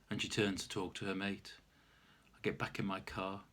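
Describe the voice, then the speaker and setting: A man's voice: sits low, level tone, normal speed, bright, forceful tone. A man reading his own story aloud in a wry, self-mocking way. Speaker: author reading his memoir.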